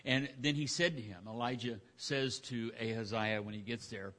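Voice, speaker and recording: A man's voice: medium pitch, moderate pace, hardly any pauses, a bit bright, long reverb tail. A man preaching a conversational sermon in a folksy way, acting out the characters' lines. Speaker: pastor.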